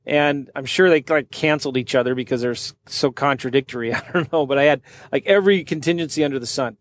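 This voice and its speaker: A man who works as a real estate wholesaler and podcast host, telling a story in a casual, animated way and acting out what other people said. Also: mid-range voice, fast talker, no room sound, studio quality. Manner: animated, acts out other people's lines in quoted voices.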